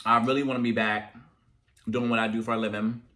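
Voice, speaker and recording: A young man hosting a casual talk video, telling animated stories about growing up in African American English. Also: on the low side, fast. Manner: chatty, animated when telling parent stories. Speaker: host. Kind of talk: casual chat, storytelling to viewers.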